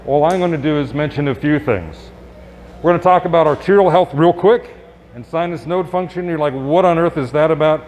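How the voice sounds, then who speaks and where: A male doctor giving a live presentation to an audience, speaking conversationally with quick asides and rhetorical questions. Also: a little high, a little mellow. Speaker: physician giving a health talk. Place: public event space.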